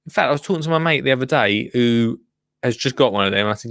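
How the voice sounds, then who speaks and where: A man hosting a livestream, joking, restarting his sentences and cooing at plants in a sing-song voice. His middle-pitched voice swoops up and down with lots of energy. The sound is close and dry, with no room echo. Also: lively intonation, fast, gravelly, fairly bright tone. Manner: chatty, jokey, restarts often, coos at plants in a high voice. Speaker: livestream host reacting to a gardening show. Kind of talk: casual chat.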